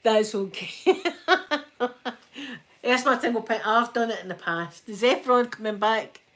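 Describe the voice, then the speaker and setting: On a relaxed at-home ASMR stream, a woman from Scotland irons while talking with her audience, often breaking into laughter. Her voice is on the high side, slow, and a bit bright.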